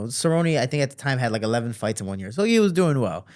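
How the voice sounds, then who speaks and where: A young man in a relaxed interview, a fighter telling stories with lots of energy. He speaks in a middle-range voice and slips into other voices when he quotes people. His pace is quick and chatty. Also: medium pitch. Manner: animated, acts out voices in quoted dialogue. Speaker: guest, professional fighter. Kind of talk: casual storytelling.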